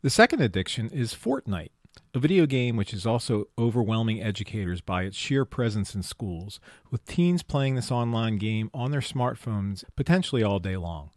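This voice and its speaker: A man co-hosts a pediatrics talk show and reads out facts and figures. His pitch moves a lot as he stresses points. The sound is dry and close. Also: expressive, moderate pace, dry recording. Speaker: podcast co-host, pediatrician. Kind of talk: casual health talk.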